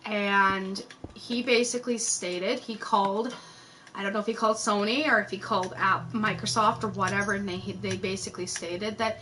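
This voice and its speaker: A woman's voice: medium pitch, steady tone, moderate pace, sharp tone, low-quality recording. A woman rambling through a personal story in casual chat, swearing freely and acting out what people said. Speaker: YouTube host.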